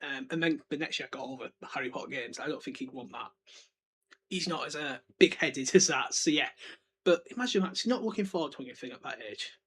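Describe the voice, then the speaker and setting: A man's voice: a little high, quick pace, fairly bright tone, breathy edge. A British man in his twenties hosting a podcast in a casual, rambling book discussion, chatting loosely and swearing offhand. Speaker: podcast host.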